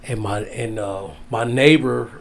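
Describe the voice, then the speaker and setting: A man's voice: medium pitch, measured pace, gravelly, slight background noise. An older man, an interview guest, telling an emotional story in a rambling way and often repeating his phrases. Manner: rambling, repeats phrases, Southern-style casual grammar.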